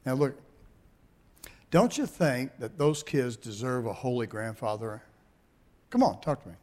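An older man, a pastor, telling folksy family stories in a sermon, animated and laughing at his own jokes. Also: mid-range voice, a little slow. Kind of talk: sermon storytelling.

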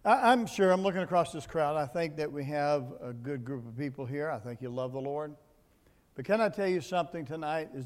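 A man preaching a sermon, dropping to quiet asides and then rising to loud, emphatic points, often repeating words as he builds. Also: on the high side, in a large hall. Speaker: pastor. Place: church building.

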